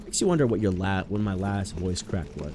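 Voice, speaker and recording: Brief: a low-voiced male streamer rambling over his game, animated and prone to sudden yelps. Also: a little fast. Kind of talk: casual gameplay commentary. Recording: noisy stream recording.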